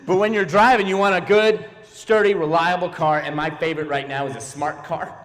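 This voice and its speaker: High-voiced man doing stand-up in a hall. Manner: animated, jumps into quick silly character voices. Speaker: stand-up comedian. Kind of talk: stand-up comedy set. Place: church hall, live audience. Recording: long hall reverb.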